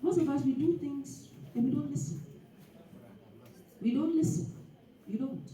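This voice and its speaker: A woman giving an animated, preachy motivational talk at a dinner event. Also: sits high, unhurried. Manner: animated and preachy, with laughs and acted asides. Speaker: guest speaker. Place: event hall. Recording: echoey hall, speaker far from the mic.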